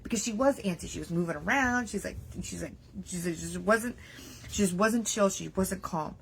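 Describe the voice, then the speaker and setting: A young adult woman coaching on business mindset in a casual, animated talk to camera, acting out worried inner voices and leaning on "like" fillers. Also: fairly low pitch, moderate pace, vocal fry, a little hiss or hum.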